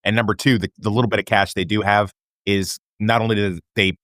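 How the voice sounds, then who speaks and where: A man's voice: on the low side, flat delivery, a little fast, a bit bright, no echo, clean studio sound. A man co-hosting a casual chat about a TV show, often going off on side notes. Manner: chatty, goes off on side notes. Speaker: podcast co-host.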